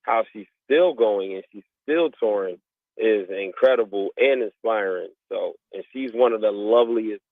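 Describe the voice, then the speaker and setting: Man guest dj, low gravelly voice, tinny phone line, laid-back. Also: normal speed, no room sound. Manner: relaxed, easygoing, laughs often. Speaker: guest DJ and musician. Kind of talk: casual radio interview.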